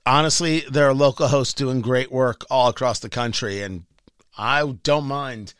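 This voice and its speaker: A man's voice: mid-range voice, moderate pace, a bit bright, clean tone, dry recording. A man hosting a talk radio show, giving chatty, opinionated commentary with frequent restarts and asides. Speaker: radio host.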